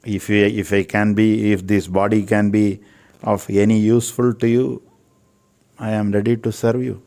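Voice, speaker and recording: A man's voice: on the low side, level tone, moderate pace, dark tone. An older man with an Indian English accent, speaking as an interviewed Ayurvedic physician in an earnest, preachy way, repeating phrases for emphasis. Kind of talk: earnest spiritual talk.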